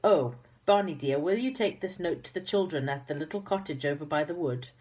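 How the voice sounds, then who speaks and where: A woman reading aloud, voicing a gentle fairy who asks a favour in her sweetest voice. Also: low-pitched, animated, fairly quick, slightly rough. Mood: coaxing. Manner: sweet, coaxing.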